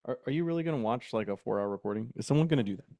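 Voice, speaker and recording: A man with a medium-pitched voice hosts a casual live workshop. He talks in a chatty, self-mocking way and dictates prompts out loud. The sound is dry and close, with little room reverb. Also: animated, rapid-fire, creaky. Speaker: host.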